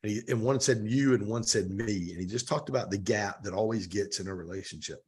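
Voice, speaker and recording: A man's voice: on the low side, brisk, breathy edge. A middle-aged man, a podcast guest, telling stories in a casual interview and acting out the dialogue. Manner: animated storyteller, acts out quoted dialogue.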